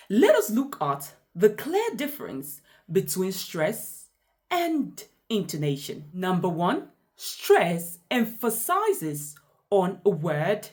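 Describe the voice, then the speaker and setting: A woman teaches English pronunciation in an unhurried, measured way. Her pitch swings widely as she acts out example words and sentences, exaggerating the stress in each one. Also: a little mellow. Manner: slow, deliberate, exaggerated example readings. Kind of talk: scripted pronunciation lesson.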